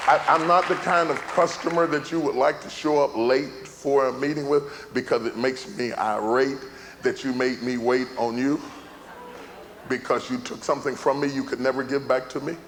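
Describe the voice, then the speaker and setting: A middle-aged man preaching a sermon as a pastor, repeating phrases for emphasis and building to shouts. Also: medium pitch, fairly even intonation, normal speed, a faint crowd, slight background noise. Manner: emphatic repetition, rising to shouts. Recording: large hall with live audience.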